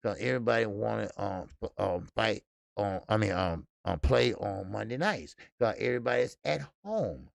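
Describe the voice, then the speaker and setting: A man with a heavy gravelly rasp hosts a casual live boxing stream, dropping slang and swear words as he rambles. He shouts out viewers by name as he goes. The sound is close and dry, with no room around it. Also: fairly low pitch, expressive, moderate pace, no room sound. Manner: loose, profane, talks to the chat. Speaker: boxing show host.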